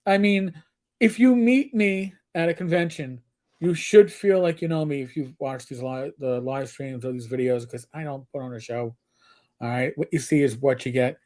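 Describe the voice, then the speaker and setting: A man's voice: mid-range voice, normal speed, darkish tone. An older man with a New York accent co-hosting a live stream, talking candidly in a rambling, swearing way. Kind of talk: casual live-stream chat.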